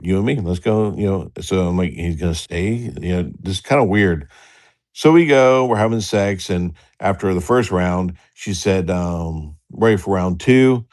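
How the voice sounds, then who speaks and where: A man's voice: deep voice, normal speed, a little mellow. A middle-aged man telling a crude personal story in a rambling way, often laughing and acting out the dialogue. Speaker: storyteller on a livestream talk show. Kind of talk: casual storytelling.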